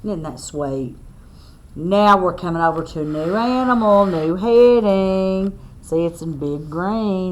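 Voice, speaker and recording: A woman's voice: fairly low pitch, darkish tone. A woman teacher reads a picture book aloud to young children, asking the class questions as she goes. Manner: slow, sing-song read-aloud with questions to the class.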